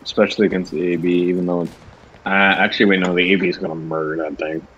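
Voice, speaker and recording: A man's voice: sits low, flat delivery, quick pace, muffled recording, a little hiss or hum. Young man barking short gaming callouts. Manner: loud short callouts, swears. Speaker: gamer. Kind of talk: casual gaming chat.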